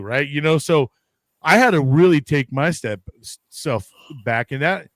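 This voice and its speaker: A man's voice: fairly high pitch, expressive, unhurried, dry recording. A man co-hosting a casual podcast chat, talking in long rambling runs, swearing freely and acting out his own reactions. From United States. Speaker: podcast co-host.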